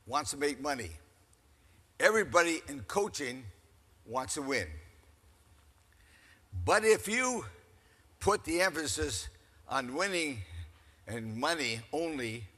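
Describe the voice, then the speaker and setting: An older man giving a keynote speech, telling stories in an animated, folksy way to a crowd. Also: a little high, a little slow, pauses often. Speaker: keynote speaker. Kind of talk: storytelling speech. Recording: echoey hall.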